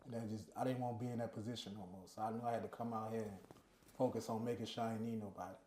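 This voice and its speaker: A male interview guest speaking in casual chat, halting and restarting his sentences as he talks. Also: lowish voice, fairly even intonation, a little mellow, slight background noise. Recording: roomy echo.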